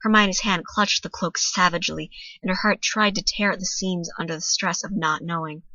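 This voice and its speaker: A young woman reads a story aloud with a bright, forceful edge and a slightly low pitch. Her reading turns dramatic as the tension rises. The recording is dry and a little dull, like a close home mic. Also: steady tone, normal speed, no room sound. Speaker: fanfiction reader.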